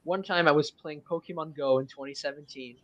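A man's voice: on the high side, brisk, dull audio. An eighteen-year-old man from Quebec whose first language is French. He is chatting casually as a stream guest, rambling with plenty of fillers and restarts. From Quebec, Canada. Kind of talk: casual chat.

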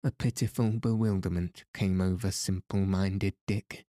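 A man narrating a historical novel aloud in a measured storytelling manner. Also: low-pitched, fairly even intonation, dark tone, no echo, clean studio sound. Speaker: audiobook narrator. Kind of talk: scripted narration.

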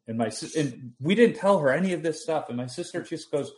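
A young adult man hosting a conversation, telling a personal anecdote in an animated, storytelling way. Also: on the high side, brisk.

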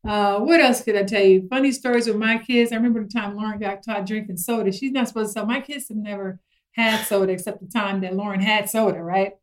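Give me a middle-aged woman telling lively parenting stories in a casual chat. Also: medium pitch, fast, poor audio. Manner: animated storyteller acting out her kids' voices. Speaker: guest parent.

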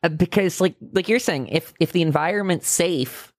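Deep-voiced woman thinking out loud on a podcast, lots of likes, dry sound. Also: moderate pace, no echo. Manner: thoughtful, hedging fillers. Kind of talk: casual podcast chat.

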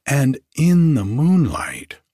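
A man's voice: mid-range voice, sing-song, slow pace, mellow, slightly rough, no echo, studio quality, voice pushed up, exaggerated voice. A man reading a story, voicing a lean, sorrowful young man who talks in a plaintive, dreamy way.

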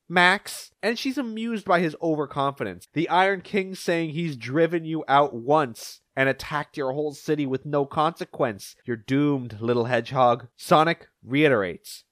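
A young man hosting a podcast, recapping comic issues and acting out the characters' lines in quick shifting voices. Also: no room sound, studio quality. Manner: animated, acts out characters' lines in shifting pitch. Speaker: podcast host.

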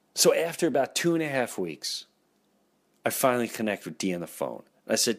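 A man and comedian hosting a podcast, telling exasperated, animated comic stories and acting out voices. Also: mid-range voice, a little fast. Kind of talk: comic storytelling.

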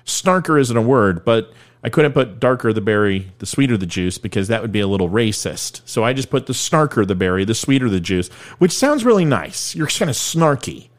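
A man's voice: on the low side, brisk. A middle-aged man hosting a podcast, delivering comedic political commentary in an irreverent, self-deprecating, joking manner. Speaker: podcast host.

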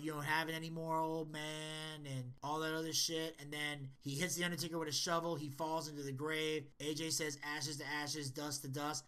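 A man hosting a casual review podcast who talks bluntly, swears freely and retells events in an animated play-by-play. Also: fairly high pitch. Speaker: podcast host.

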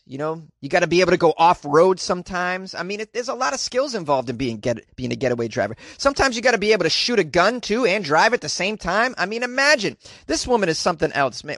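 A male podcast host in a casual comedic monologue, rambling and self-deprecating, with a slightly higher voice than most men. His words come full of "you know" and "uh" through a close microphone in a dry, deadened sound. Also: sing-song, a little fast, few pauses, a bit bright, no echo.

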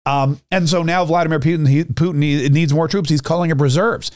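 Guy ranting about politics on his podcast, sarcastic, kinda high voice, dry close mic. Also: a little fast, a little mellow, no room sound. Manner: rambling, sarcastic, opinionated. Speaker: podcast host. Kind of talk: political commentary monologue.

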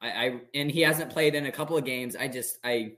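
A man's voice: mid-range voice, a little fast, sharp tone. A man co-hosting a sports podcast, talking casually with frequent stammered restarts. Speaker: podcast co-host.

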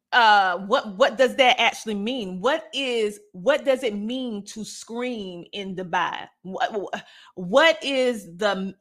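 A woman hosting a podcast with casual commentary, talking loud and animated and answering viewer comments. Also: medium pitch. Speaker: podcast host.

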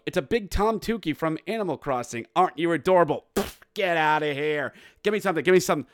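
Male podcast host, slightly high voice, dry close mic, animated fan recap. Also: a little fast, no echo. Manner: animated, yells play-by-play with goal calls. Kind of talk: excited hockey recap.

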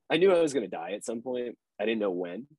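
A man's voice: mid-range voice, very animated, a little fast, a little mellow, breathy edge, dry recording, low-quality recording. A man, an actor guest on a podcast, talking in a loose, rambling way with fillers and laughs. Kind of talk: casual interview chat.

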